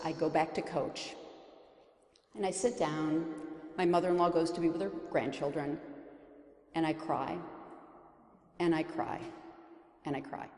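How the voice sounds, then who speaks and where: A woman in her forties, a lower-pitched voice, tells a personal story in an earnest, heartfelt way, rising to emphatic lifts on the key moments. The sound is roomy, with a long reverb tail from the hall. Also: a little mellow. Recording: echoey hall recording.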